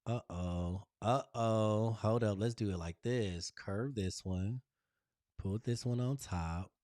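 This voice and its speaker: A man's voice: lowish voice, slow, a little mellow, no room sound, clean studio sound. A man hosting a casual design tutorial, chatting to viewers in a gushing, playful way. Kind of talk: casual screen-share tutorial.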